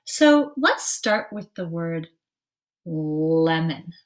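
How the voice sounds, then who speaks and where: A woman teacher giving a slow, patient early-literacy lesson, stretching out word sounds clearly for young children. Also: mid-range voice, animated, a bit bright.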